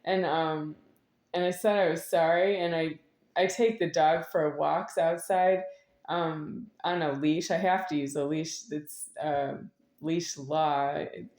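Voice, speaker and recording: Low-voiced woman, rambling monologue. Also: steady tone, slow pace, a little mellow. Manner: meandering, repetitive, with sudden laughs. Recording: echoey room.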